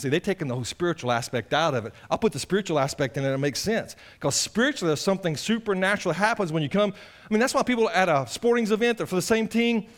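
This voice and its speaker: Fast-talking impassioned preacher man. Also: high voice. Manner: animated, impassioned, acts out voices of others. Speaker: pastor. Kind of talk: sermon.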